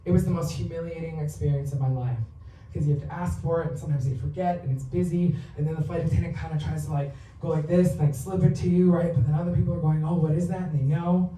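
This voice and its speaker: A woman in her thirties tells frank, sweary stories on a theatre stage. Her voice sits at a middling pitch and carries the echo of the room. She sounds distant from the mic, with faint ambient noise underneath. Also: dark tone. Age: 30s. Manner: candid, profane, storytelling. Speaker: stand-up comedian. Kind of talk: confessional stand-up set. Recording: roomy, distant live theatre recording.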